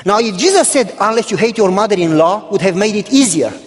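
A man's voice: high voice, expressive, brisk, breathy edge. A male pastor delivering a sermon, telling humorous stories and acting out conversations with God and a church member. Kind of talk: sermon with storytelling. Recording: long hall reverb.

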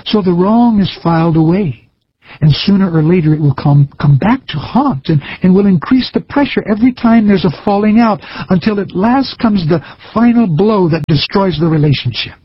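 Husky-voiced preacher, earnest and measured. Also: male voice, sits high, expressive, no room sound, dull audio. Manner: earnest, measured, folksy storytelling. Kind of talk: recorded sermon.

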